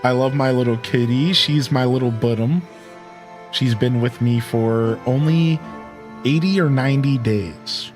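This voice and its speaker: A man's voice: medium pitch, measured pace, darkish tone, soft background music. A man casually chatting while live-streaming a video game, reading chat and laughing easily. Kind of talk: casual live gameplay commentary.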